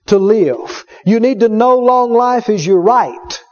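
A male preacher with a very high voice delivers a sermon in an emphatic, repetitive way, now and then breaking into a shout. The recording sounds dull and lo-fi. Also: expressive, slow pace, few pauses, faint music behind. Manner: emphatic, repeats his points, sometimes shouts.

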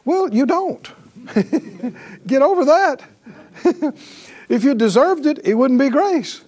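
A male pastor delivers an animated sermon at a slow pace in a very high-pitched voice. He often laughs and calls on the congregation to answer back.

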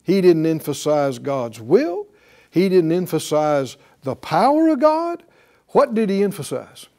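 Man, Bible teacher, slow delivery, mellow tone, conversational, rhetorical questions. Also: on the high side, big pitch swings. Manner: conversational, asks the class rhetorical questions, chuckles often. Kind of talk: teaching sermon to a class.

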